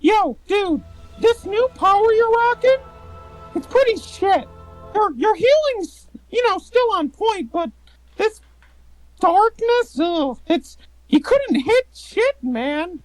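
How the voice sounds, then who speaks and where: A woman voicing Bob, a laid-back young man who talks in blunt, slangy, drawn-out phrases. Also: very high-pitched, very animated, soft background music, pitched above the performer's own voice, full character voice, rough recording.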